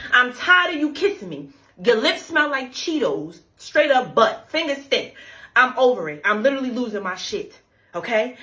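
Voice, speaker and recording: A mother ranting comically to camera, sarcastic and animated. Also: a little high.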